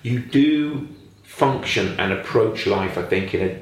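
A man, a foster parent and guest, telling stories in a casual, lively way. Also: lowish voice, a little slow. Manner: lively, acts out quoted voices. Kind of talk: casual storytelling. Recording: very echoey room.

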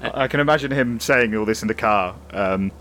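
A man's voice: lowish voice, fairly quick, fairly bright tone, slight background noise. A man acting as game master for a tabletop game, talking casually.

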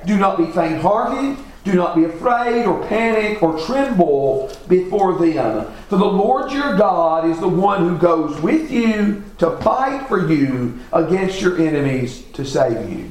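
Male Bible teacher, high animated voice, reads and quizzes, echoey room. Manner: reads scripture aloud and quizzes the class. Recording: echoey room with faint noise.

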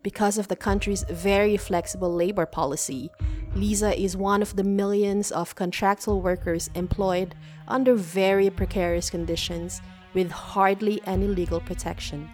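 A woman reading scripted documentary narration in a measured, earnest way. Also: medium pitch, steady tone, darkish tone, faint music behind. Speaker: news narrator.

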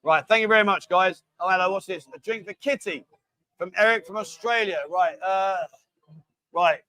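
A man's voice: high voice, moderate pace, bright, forceful tone, no room sound, low-quality recording. A man hosting a casual live show in a bar, joking, coaxing guests into quizzes and drinking games, calling them darling. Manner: jokey, bossy, coaxing, calls people darling. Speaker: host.

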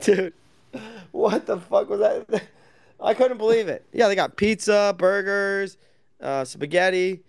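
A man's voice: high voice, takes it slowly, vocal fry, no room sound. A young man telling stories in casual chat, profane and laughing often. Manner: laughing, profane, animated storytelling.

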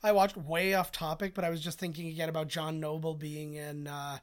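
A man's voice: on the high side, flat delivery, brisk. A man co-hosting a podcast, chatting casually through a film commentary and telling stories full of filler words. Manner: chatty storyteller who acts out quotes; rambling with many filler words. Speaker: podcast co-host.

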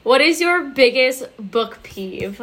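A woman's voice: high-pitched, animated, slow, a bit bright. Woman, young adult, podcast host, gushing, exclamatory, casual chat. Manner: gushing, exclamatory, swears freely.

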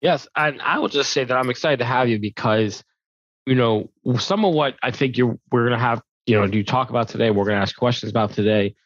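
A man's voice: medium pitch, a little fast, no echo, muffled recording. A man co-hosting a podcast as an attorney, talking in a rambling way and restarting his sentences, recorded in a hotel room. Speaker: co-host, attorney. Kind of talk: podcast interview.

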